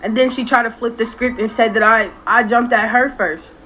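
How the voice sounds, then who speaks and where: A woman's voice: a little high, steady tone, normal speed, sharp tone, slight background noise, rough recording. A young woman telling a storytime to her phone camera, blunt, profane and exasperated. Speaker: storytime creator.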